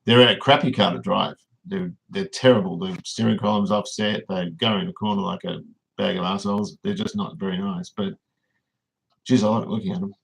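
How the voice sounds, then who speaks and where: A man's voice: deep voice, fairly even intonation, normal speed, creaky, low-quality recording. An Australian man hosting a casual livestream, rambling and reading viewers' comments aloud as he answers them. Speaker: livestream host.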